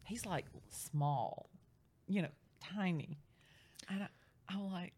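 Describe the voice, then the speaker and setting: A middle-aged woman in casual chat, telling a story with lively, acted-out quotes. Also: medium pitch, unhurried. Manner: animated storyteller, acts out quoted voices. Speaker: real estate agent.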